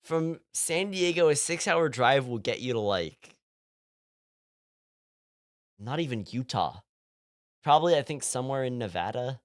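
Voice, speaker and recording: With a mid-range, animated voice, a young man from California chats casually as he streams a game, speaking at a measured pace with long pauses. He rambles, using lots of fillers and laughing often.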